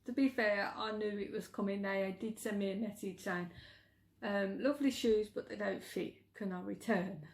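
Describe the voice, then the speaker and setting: A woman's voice: medium pitch, fairly even intonation, normal speed, vocal fry. A middle-aged woman with a Birmingham accent, vlogging in a chatty way, giggling and stumbling over words. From England. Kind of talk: casual chat.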